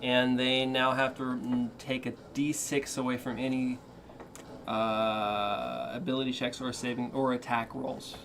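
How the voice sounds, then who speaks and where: A man playing a tabletop game, rambling in an animated way as he describes his character's spells. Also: medium pitch, unhurried, slight background noise. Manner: rambling and animated, laughs a lot. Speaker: player. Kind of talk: casual play with in-character narration.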